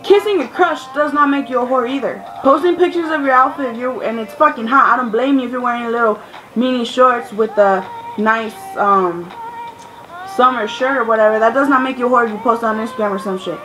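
A woman vlogger ranting loudly and profanely, exasperated and swearing as she vents. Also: fairly high pitch, fairly quick, low-quality recording. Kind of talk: ranting vlog. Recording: music playing loudly behind. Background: music.

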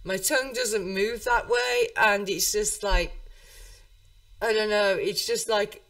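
A woman's voice: mid-range voice, fairly even intonation, slow pace, a bit bright, distant mic. A woman from England with a Birmingham accent, hosting a casual interview chat and laughing often. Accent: Birmingham English. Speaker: podcast host.

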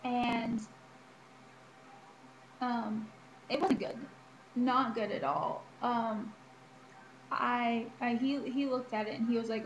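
A woman's voice: fairly high pitch, level tone, takes it slowly, pauses often, lo-fi sound. Chatty young woman, echoey room. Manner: chatty, frequent ums and likes, laughs between remarks. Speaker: vlogger. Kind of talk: casual personal health update vlog. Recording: echoey room with faint ambient noise.

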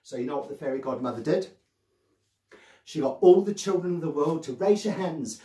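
A man, a children's magician telling a story in a playful, animated way to young children. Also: fairly high pitch, a little fast. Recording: roomy sound from a distant mic.

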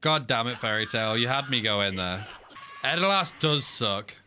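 A young man giving excitable casual reaction commentary, often laughing. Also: mid-range voice, normal speed, a little hiss or hum. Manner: excitable, frequent laughter and "mate". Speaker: anime reaction host.

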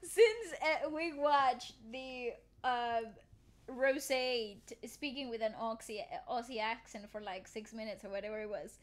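A woman's voice: a little high, a little slow. A woman hosting a reaction video, chatting casually and giggling a lot. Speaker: host of a reaction channel. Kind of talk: casual chat.

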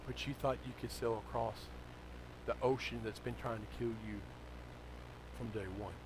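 A male pastor, preaching a sermon that moves from low, conversational storytelling to loud, shouted exhortation. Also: steady tone, moderate pace, background noise.

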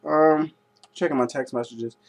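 A man's voice: on the high side, steady tone, measured pace, vocal fry. A young man rambling and joking in a casual vlog. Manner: goofy, joking, rambling asides. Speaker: vlogger.

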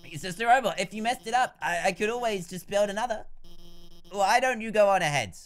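A man's voice: high voice, expressive, brisk, a bit bright, pitched above the performer's own voice. A man doing a stammering, nervous scientist woman. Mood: flustered. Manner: stammering, hesitant.

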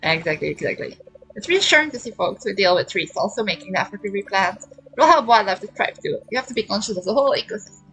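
A woman's voice: medium pitch, lively intonation, fast, fairly bright tone, rough recording. A woman streaming a farming game, chatting playfully and reading dialogue aloud, often repeating short phrases twice. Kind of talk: casual gameplay chat, reading dialogue aloud. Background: faint game music.

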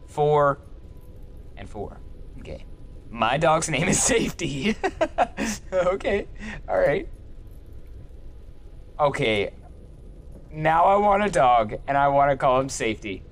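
A young man's let's play commentary, goofy and full of jokes and swearing. His slightly high voice bounces up and down, and faint noise runs underneath. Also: very animated, slow pace, long pauses. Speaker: gaming youtuber.

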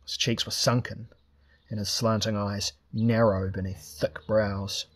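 A man reading a fantasy novel aloud as steady, scripted narration. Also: fairly low pitch, measured pace. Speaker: audiobook reader.

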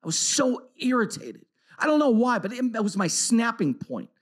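A middle-aged man giving a personal storytelling talk at a retreat, swinging from loud outbursts to hushed tones. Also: very high-pitched, big pitch swings, normal speed. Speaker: conference speaker.

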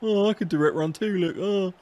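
A man's voice: sits high, brisk, darkish tone. A young man swearing and laughing as he plays a football video game with a friend. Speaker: gaming YouTuber. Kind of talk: casual gaming commentary.

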